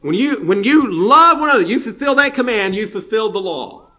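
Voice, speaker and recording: A man's voice: high-pitched, lively intonation, a little fast, bright, forceful tone. A man preaching a sermon, emphatic and repetitive, with frequent restarts.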